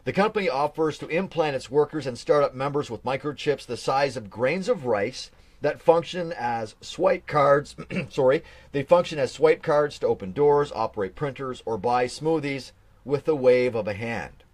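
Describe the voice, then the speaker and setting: A man's voice: medium pitch, expressive, normal speed, a little mellow. A man hosting a casual live stream, rambling and joking, often restarting his sentences. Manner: rambling, self-correcting, jokey. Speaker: host.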